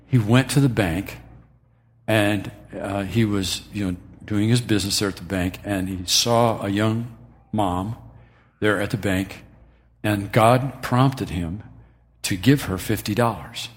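Pastor, male, lower voice, enthusiastic and encouraging in sermon and prayer. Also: unhurried. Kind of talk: sermon and church announcements.

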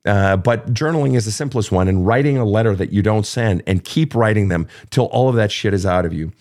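This podcast host has a fairly low pitch and talks a little fast. He tackles listener questions live, bluntly and emphatically with lots of cursing, animatedly acting out emotional blowups.

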